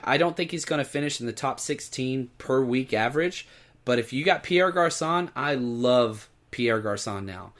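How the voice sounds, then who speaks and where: A man's voice: mid-range voice, lively intonation, moderate pace, fairly bright tone. Glum, deflated man talking fantasy football. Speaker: podcast co-host. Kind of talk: casual fantasy football chat.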